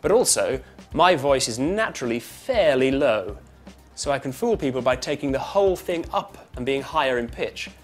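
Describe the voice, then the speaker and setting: A British actor and voice coach explaining technique. He talks loudly and fast, with crisp consonants, a twangy tone and a lively rise and fall. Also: medium pitch, soft background music. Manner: lively up-and-down intonation; fast talker. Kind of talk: instructional talk to camera.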